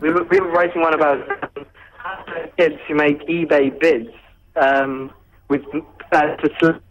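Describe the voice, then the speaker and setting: A man calling in to a radio show over the phone, sounding posh and speaking in a hesitant, halting way. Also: on the high side, little pitch movement, dull audio. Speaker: phone-in caller. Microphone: phone line.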